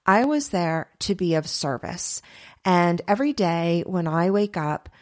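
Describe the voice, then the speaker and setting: A middle-aged woman giving a chatty, earnest spiritual talk, laughing often and voicing her inner thoughts in quick asides. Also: fairly low pitch, lively intonation. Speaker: spiritual teacher. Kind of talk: spiritual teaching monologue.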